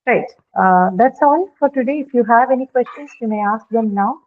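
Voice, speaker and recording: A woman teaching a live online pronunciation class, speaking haltingly with many filler sounds and checking in with her students. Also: on the high side. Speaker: English teacher. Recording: narrow phone-like online class audio.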